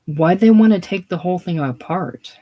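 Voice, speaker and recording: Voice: mid-range voice, lively intonation, moderate pace, warm tone, pitched above the performer's own voice, natural voice. A reader voicing an earnest, anxious young male mechanic in a casual play reading, with strained, pleading delivery. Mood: worried.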